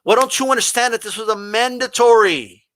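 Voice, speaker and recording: A boxing livestream host with an extremely high-pitched voice talks a little fast. Reading live chat, he argues back combatively with pointed rhetorical questions and mocks a flat monotone voice.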